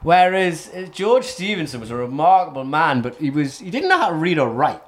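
Rambling and constantly correcting himself, a man from North East England hosts a casual history podcast full of restarts. He speaks fairly quickly in a higher voice with big swings in pitch.

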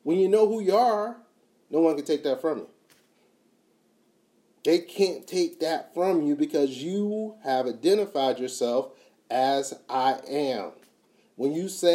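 A man's voice: a little high, animated, measured pace, long pauses. Emphatic motivational speaker, man. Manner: emphatic, repeats key phrases, swings from quiet to loud. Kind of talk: motivational talk.

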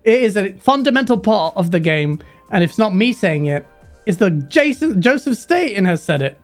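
A man's voice: high-pitched, sing-song, moderate pace, soft background music. A man hosting a casual gaming live stream, reading out super chats and putting questions to his guests. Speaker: stream host.

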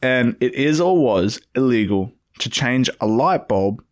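A man's voice: medium pitch, expressive, unhurried. A man with an Australian accent co-hosting a casual podcast, quizzing his friend and laughing often. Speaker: podcast co-host.

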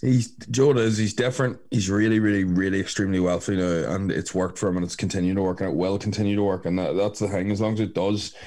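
Guy talking quick on a podcast, rambly, says like a lot, lowish voice. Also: fairly even intonation, dark tone. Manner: rambling, frank storytelling with many fillers. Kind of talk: casual chat.

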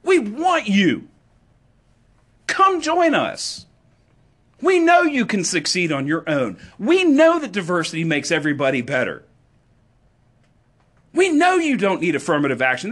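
A man speaking in an impassioned political monologue, with a fairly high voice that leaps up and drops low all the time. He is emphatic and sarcastic, jumping between loud declarations and muttered asides. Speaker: political commentator.

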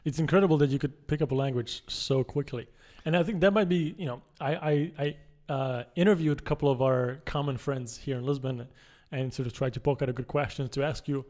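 A man's voice: medium pitch, a little fast, hardly any pauses, a little mellow. Friendly male podcast host asking questions. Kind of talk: casual interview chat.

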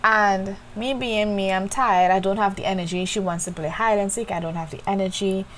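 A woman's voice: mid-range voice, steady tone, normal speed, a bit bright, a little hiss or hum, low-quality recording. A woman hosting a reflective faith podcast, talking candidly and directly to her listeners. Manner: candid, conversational, addresses listeners as y'all. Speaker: podcast host.

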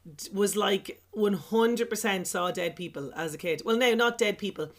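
Chatty woman hosting a film podcast. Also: mid-range voice. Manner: chatty and rambling, quick to laugh. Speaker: podcast host. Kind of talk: casual chat.

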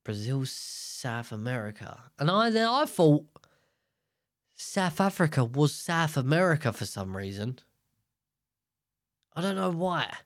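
A man's voice: fairly high pitch, sing-song, unhurried, pauses often, no room sound, studio quality. A young man telling a rambling, self-mocking story in a casual monologue.

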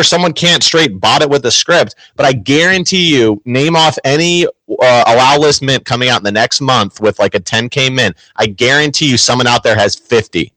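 A man's voice: medium pitch, sharp tone, no echo, low-quality recording. A man chatting casually on a podcast, rambling and leaning on filler words. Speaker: show regular. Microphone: home computer mic.

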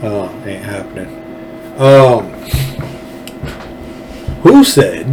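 A man's voice: mid-range voice, a little slow, warm tone, a little hiss or hum, rough recording. A man from Texas hosting a solo political show, ranting in a blunt, profane and sarcastic way. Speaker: political talk show host.

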